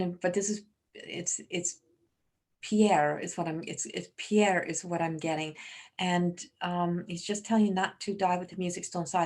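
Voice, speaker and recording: Woman giving a rambling psychic reading. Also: fairly low pitch. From Newfoundland, Canada. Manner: rambling, trailing off and restarting, relaying messages. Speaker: psychic medium. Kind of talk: live-stream reading.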